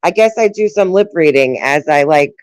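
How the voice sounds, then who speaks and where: A woman's voice: deep voice, expressive, moderate pace, no echo, low-quality recording. Chatty woman with a New York accent. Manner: chatty, laughs often, trails off with fillers. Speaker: host. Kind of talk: casual chat.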